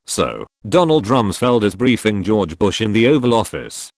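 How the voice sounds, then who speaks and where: A man reading a string of short military jokes as scripted narration, in an even, measured storytelling delivery. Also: on the low side. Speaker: joke narrator.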